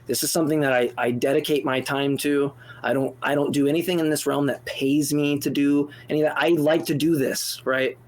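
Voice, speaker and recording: A man co-hosting a call-in debate show, animated and exasperated, speaking in fast bursts with restarts and swearing freely. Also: fairly high pitch. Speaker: co-host answering a caller.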